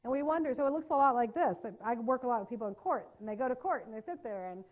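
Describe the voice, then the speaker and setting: A woman giving a live workshop lecture on trauma-informed care. She talks in a lively, conversational way and keeps checking in with her listeners. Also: on the high side, fast.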